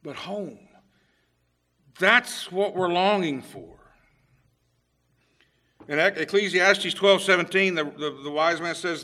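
A middle-aged man delivers a sermon in a loose, conversational manner, stumbling and restarting, dropping low and then rising to emphatic points. His voice sits a little high and has a bright, forceful edge. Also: slow, pauses often. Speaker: preacher.

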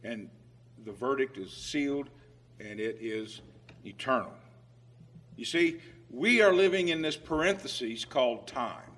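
A man preaching a sermon with emphatic swings in loudness who reads scripture aloud in old-fashioned biblical phrasing. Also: mid-range voice, animated, a little slow, breathy edge.

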